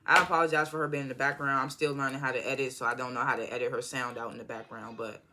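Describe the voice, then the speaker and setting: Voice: mid-range voice, little pitch movement, racing, very noisy. A vlogger recapping a TV episode in a casual, slangy, profane way, rambling and apologizing often. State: irritated by background noise.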